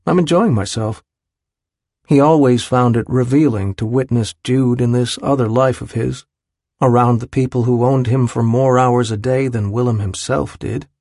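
A man narrating an audiobook in a measured, even reading style. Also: mid-range voice, no room sound, clean studio sound. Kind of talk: scripted narration.

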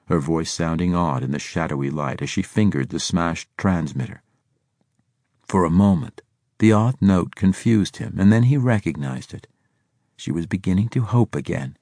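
A male audiobook narrator with a deep voice and a darkish tone delivers scripted narration. The recording is dry and studio quality.

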